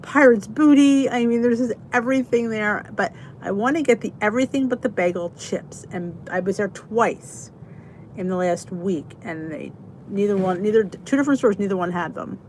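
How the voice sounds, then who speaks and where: A woman's voice: medium pitch, moderate pace, a little mellow, a little hiss or hum. Chatty woman hosting a live stream. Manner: chatty, rambling, often breaks off to say good night to viewers. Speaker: host of a live stream chat. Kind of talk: casual live-stream chat.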